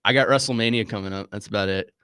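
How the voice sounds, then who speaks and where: Low-voiced young man, halting and emotional. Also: sharp tone, clear, resonant tone, dry recording, studio quality. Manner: halting, emotional, stumbling over words. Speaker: sports radio co-host. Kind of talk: casual sports talk.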